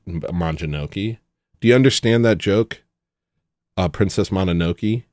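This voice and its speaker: A man's voice: low-pitched, a little mellow, no room sound. A man hosting a casual livestream, rambling and joking as he answers his chat. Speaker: livestream host. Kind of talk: casual livestream chat, reading viewer messages.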